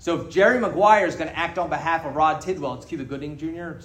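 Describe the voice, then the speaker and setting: A crowd can be heard behind a man with a somewhat high voice who talks quickly. He is sharing his story at a recovery meeting, frank and full of jokes, swearing freely before the audience. The recording carries a spacious hall echo.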